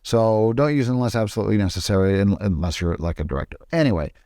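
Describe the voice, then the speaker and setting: A man explaining film production in a casual, screen-recorded tutorial, often pausing and restarting his sentences. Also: fairly low pitch, dark tone, dry recording, studio quality. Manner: hesitant, with frequent restarts.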